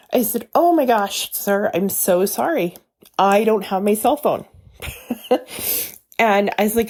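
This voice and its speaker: A woman's voice: mid-range voice, a little mellow. A woman telling a frightening story from her own life as a guest. She tells it with feeling and acts out what she said back then. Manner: emotional, acts out her own past words. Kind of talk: first-person retelling.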